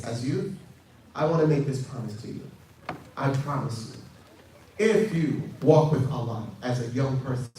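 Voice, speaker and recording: A man from the United States, giving an animated youth lecture that acts out dialogue and builds to shouted emphasis. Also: medium pitch. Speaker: preacher. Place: large hall with audience. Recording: distant, echoey hall with faint noise.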